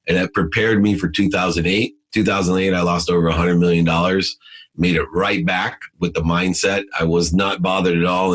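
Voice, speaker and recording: A man's voice: sits low, husky. A man telling his story as an interview guest, intense and emphatic in a motivational way.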